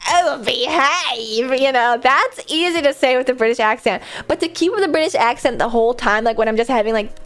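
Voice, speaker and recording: A woman streamer chatting casually with her viewers, giggly and self-mocking, with quick asides. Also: sits high.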